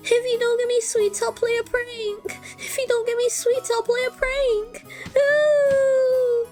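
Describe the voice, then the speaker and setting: A shrill little girl from a visual novel, squeaky and whiny, pitched far above a grown voice. She is prone to tantrums. Faint music sits behind her. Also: level tone, slow pace, a little mellow. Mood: sing-song. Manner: high squeaky childish whine.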